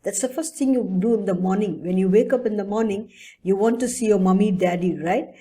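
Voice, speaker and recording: Woman, children's teacher; soft, warm tone, patient, keeps checking her pupils follow. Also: medium pitch, brisk. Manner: patient and explanatory, often checks in with "okay?" and "right?". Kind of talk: online English lesson for young children.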